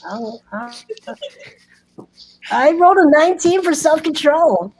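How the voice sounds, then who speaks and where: A woman playing a kobold in a tabletop game, talking in halting restarts. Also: high-pitched, expressive, low-quality recording. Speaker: player.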